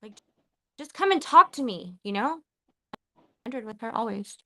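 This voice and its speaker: A woman's voice: a little high, expressive, measured pace, pushed and bright, no room sound, poor audio. A woman hosting a live podcast, talking in an emotional, profane way and often stopping and restarting her sentences. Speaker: podcast host.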